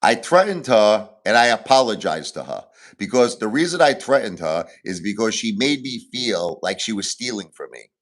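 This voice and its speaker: A man's voice: fairly low pitch, big pitch swings, moderate pace, hardly any pauses. A man hosting a livestream, venting in an agitated, repetitive rant. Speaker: livestream host.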